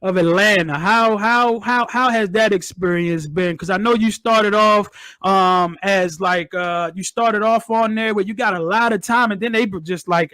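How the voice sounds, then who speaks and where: Male interview host, high voice, dry sound, eager and chatty, stumbles into questions. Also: a little slow, pushed and bright, no room sound. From Maryland. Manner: enthusiastic, repeats words when starting questions. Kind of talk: casual interview chat.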